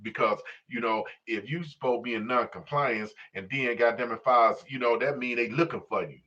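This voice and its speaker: Middle-aged man from Chicago, streetwise, profane, rambling, mid-pitched voice, slightly dull lo-fi audio. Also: brisk, pushed and bright. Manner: streetwise, profane, rambling, constant "you know what I'm saying". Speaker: livestream host. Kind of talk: casual unscripted monologue.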